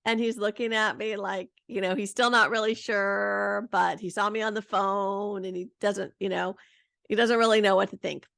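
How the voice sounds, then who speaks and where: A woman in her thirties hosting a podcast, telling a story in a chatty, lively way. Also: mid-range voice, moderate pace, vocal fry, no room sound, clean studio sound. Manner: chatty, lively, full of "like" and "you know". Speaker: podcast host. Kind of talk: casual storytelling monologue.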